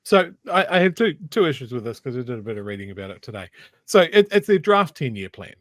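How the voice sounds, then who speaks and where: Animated New Zealand man ranting. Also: medium pitch, quick pace, no echo, studio quality. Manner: animated, emphatic, argumentative. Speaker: co-host. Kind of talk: casual political commentary.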